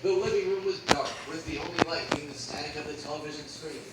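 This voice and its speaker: A man with a somewhat high voice reads a creepy story aloud, steady and flat. He is far from the mic in an echoey room with noise underneath. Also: quick pace.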